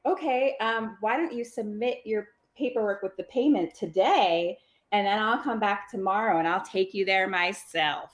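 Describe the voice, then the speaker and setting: A woman's voice: mid-range voice, normal speed, lightly acted. A woman doing a slick male salesman. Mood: pitching. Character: pushy smooth-talking male salesman.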